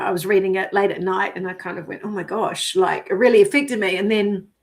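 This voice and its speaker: Chatty animated woman telling a story. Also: mid-range voice, creaky. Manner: animated, giggly, swears casually, acts out her own quoted thoughts. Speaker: vlogger. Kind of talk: casual personal storytelling.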